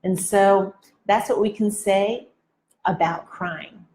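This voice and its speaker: A woman delivers a devotional talk at an unhurried, measured pace, in a middle-pitched voice. She asks her listeners reflective questions. She often checks in with a soft "right?". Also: steady tone. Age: married adult. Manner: slow and deliberate, with frequent "right?" tags. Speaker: women's devotional speaker.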